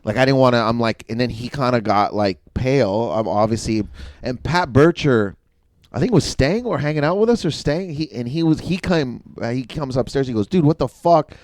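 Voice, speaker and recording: Man in his forties, lively swinging pitch, casual comic storytelling, dry close sound. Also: moderate pace, no echo. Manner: animated, laughing, swearing often. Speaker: comedian guest.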